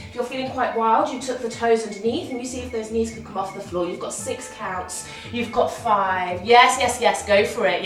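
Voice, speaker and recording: A woman guides a workout class, cheering people on and counting reps, a little out of breath. Her voice sits slightly high and comes from some distance in a roomy space, with faint music behind her. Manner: encouraging, counting reps aloud. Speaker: fitness instructor.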